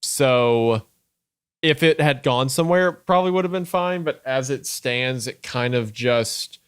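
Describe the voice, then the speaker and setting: A man's voice: medium pitch, a little slow, smooth, no room sound, studio quality. A young man co-hosting a podcast, thinking aloud in casual discussion with fillers and restarts. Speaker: podcast co-host.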